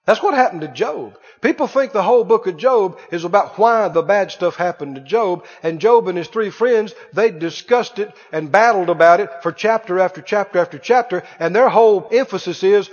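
A man preaching a sermon, swinging between hushed and loud and asking rhetorical questions. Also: high-pitched, expressive, fairly quick, few pauses. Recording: dull reverberant hall sound.

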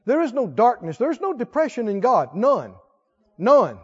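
A man's voice: extremely high pitch, wildly swooping pitch, moderate pace, husky. A male preacher delivering a sermon, firing rhetorical questions and repeating words for emphasis, on a dull lo-fi recording.

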